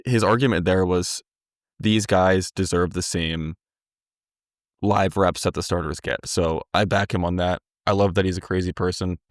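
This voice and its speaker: A young man with a very deep voice chats casually about sports as a podcast co-host. He talks in an earnest, emphatic way and rambles a bit as he makes his point. The close mic is completely dry. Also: fairly even intonation, normal speed, dry recording.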